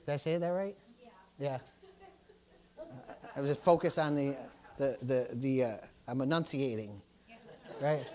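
A man with a medium-pitched voice gives a sermon during a church service. He repeats "amen" and "praise the Lord" often and alternates between loud exclamations and softer asides.

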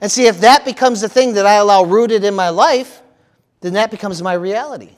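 A man preaching a sermon in a church, lively and playful, acting out panicked voices and calling out to the congregation. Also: sits high, brisk. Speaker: pastor.

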